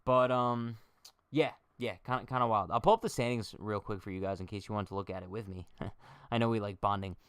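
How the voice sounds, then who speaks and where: A man's voice: fairly low pitch, a little fast, clear, resonant tone, dry recording, clean studio sound. A young man hosting a casual baseball livestream, chatting and joking straight to his viewers. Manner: chatty, jokey, talks to chat directly.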